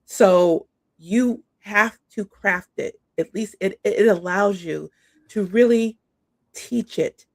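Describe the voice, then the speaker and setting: A middle-aged woman chats as a guest coach, bubbly and easygoing, sprinkling her talk with "like" and "awesome." Her voice has a gravelly fry to it. The sound is dry and close, with no room around it. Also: mid-range voice, slow pace, a little mellow, no room sound. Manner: bubbly, says "like" and "awesome" a lot. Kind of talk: casual interview chat.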